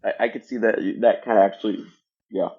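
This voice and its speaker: A man's voice: on the low side, steady tone, a little fast, husky. A man chatting as a podcast guest, self-deprecating with dry asides, on a dull lo-fi mic. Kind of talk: casual podcast chat.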